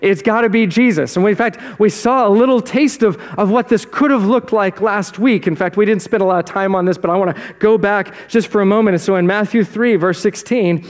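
A man's voice: high voice, a little fast, hardly any pauses, long reverb tail. A man preaching a conversational sermon in a church, asking the congregation questions as he goes. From South Jersey. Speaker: pastor. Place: church sanctuary.

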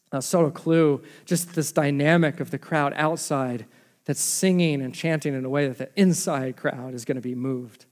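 Pastor preaching in a reverberant hall. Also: male voice, fairly high pitch. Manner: animated, conversational preaching with rhetorical questions. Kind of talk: sermon.

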